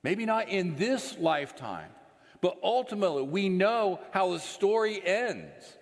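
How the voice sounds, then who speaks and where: A man preaches in a slow, unhurried sermon, his voice sitting a little high for a man. He speaks earnestly and lets phrase endings fall away into a low, soft hush. A long reverb from a large church sanctuary trails after every line. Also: sing-song.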